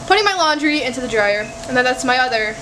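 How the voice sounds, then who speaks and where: A young woman talks straight to camera from home in a casual reading vlog, candid and a little exasperated, with plenty of swearing. Her voice sits high. A faint hum from the air conditioner runs underneath. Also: animated, fast talker. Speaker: book vlogger. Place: home, indoors.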